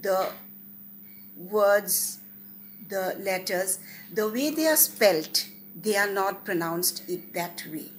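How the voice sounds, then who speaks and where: Woman, guest lecturer, slow and deliberate, faint background hiss. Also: medium pitch. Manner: measured, deliberate, stresses key words.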